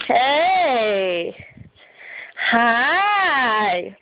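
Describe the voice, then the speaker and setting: A woman's voice: sits high, animated, extremely slow, pauses often, highs cut off. A mother at home filming her baby on a phone, coaxing in sing-song baby talk and laughing often. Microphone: phone camera.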